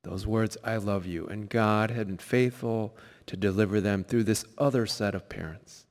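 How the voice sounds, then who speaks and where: A man preaching a sermon, telling a personal story, sometimes quiet and reflective, sometimes emphatic. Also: fairly low pitch, steady tone, normal speed, long reverb tail. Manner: storytelling, shifts between soft reflective and emphatic. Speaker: pastor. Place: church sanctuary.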